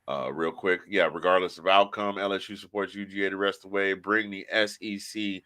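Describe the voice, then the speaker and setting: Low-voiced, bright-sounding sports podcast host. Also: male voice, a little fast, no room sound. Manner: emotional, animated storyteller. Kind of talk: casual sports talk.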